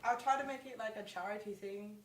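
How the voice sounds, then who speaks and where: A woman's voice: mid-range voice, brisk, over a noisy crowd. A young woman co-hosting a student talk show, reading questions and giggling. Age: young adult. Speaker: co-host asking questions. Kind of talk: casual talk show chat. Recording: roomy sound from a distant mic with background noise.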